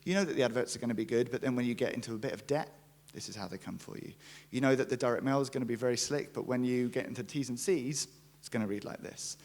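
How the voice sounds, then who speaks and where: A young man giving a conference talk, jokey and lively, acting out quotes as he tells stories. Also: mid-range voice, fast, few pauses. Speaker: conference speaker, brand writer. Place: conference stage.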